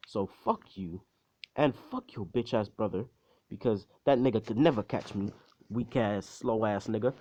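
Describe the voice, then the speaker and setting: A man's voice: fairly low pitch, normal speed, dark tone, no echo, lightly acted. A man voicing a cocky, foul-mouthed teenage boy hero who talks back in a crude, defiant way, on a dull, dry recording.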